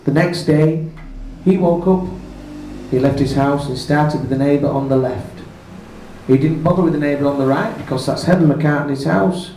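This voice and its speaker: A male comedian in a pub telling a bawdy fairy tale full of spoonerisms in a deadpan comic way. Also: on the high side, moderate pace, a little hiss or hum. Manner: deadpan comic narration with self-corrections. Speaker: stand-up comedian. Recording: echoey pub from far off.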